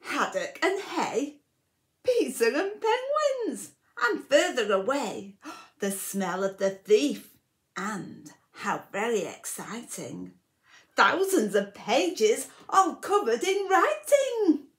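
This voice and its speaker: A woman reads a rhyming picture book aloud to children for a library storytime. She goes very slowly, with a high voice that swoops widely. Now and then she drops into a whispered aside. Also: sing-song.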